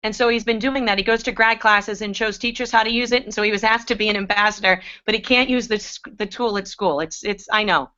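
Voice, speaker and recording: A woman's voice: mid-range voice, steady tone, fast, few pauses, sharp tone. A woman parent on an online panel, amused and chatty. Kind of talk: casual video-call chat. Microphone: video call. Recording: dull lo-fi video call audio.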